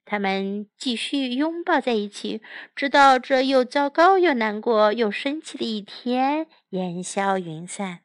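A woman English teacher reading a storybook aloud in a slow, clear, expressive way. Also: fairly high pitch, no echo. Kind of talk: bilingual storybook read-aloud.

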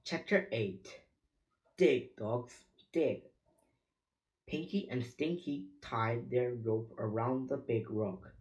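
A reader slowly reading a children's chapter book aloud, stumbling over words now and then. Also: mid-range voice, darkish tone, lo-fi sound. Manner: slow, halting reading with slips.

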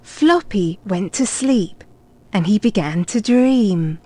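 A woman reading a children's picture book aloud, clear and deliberate, paced for young learners. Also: mid-range voice, lively intonation, mellow. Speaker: storybook reader.

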